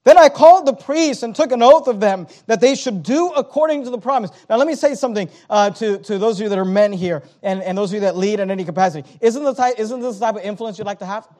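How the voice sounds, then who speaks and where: A man's voice: sits high, fast talker, few pauses, a little mellow. A man preaching a sermon, reading scripture aloud and building it up with rising emphasis. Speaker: pastor.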